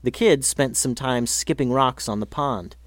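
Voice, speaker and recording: A man narrating a children's story in a gentle, lively reading manner. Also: medium pitch, a little slow, no echo.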